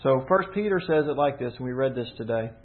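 A man preaching a sermon, teaching earnestly with rhetorical questions and slowing down for emphasis. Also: medium pitch, expressive. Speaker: pastor. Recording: tinny phone-like sound.

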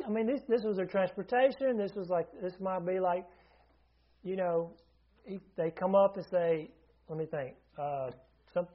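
A man's voice: sits high, moderate pace, dull audio. A man preaching a sermon in a conversational teaching manner, often asking his listeners questions and restarting his sentences.

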